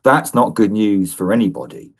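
Deep-voiced man, measured radio guest. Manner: thoughtful, measured, with lively emphasis. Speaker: think-tank fellow, guest. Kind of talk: radio interview answers.

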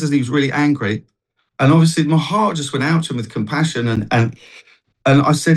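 A man's voice: on the high side, fast, low-quality recording. A man, a guest on a TV chat show, telling a personal faith story in an earnest, rambling way with many restarts. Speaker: guest, street worship singer.

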